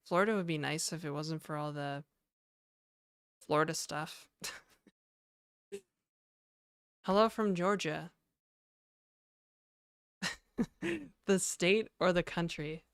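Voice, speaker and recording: A woman's voice: low-pitched, takes it slowly, creaky, pauses often, smooth, dry recording, studio quality. A woman livestreaming from home, casually chatting and reading her chat aloud with easy laughs. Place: home in Toronto.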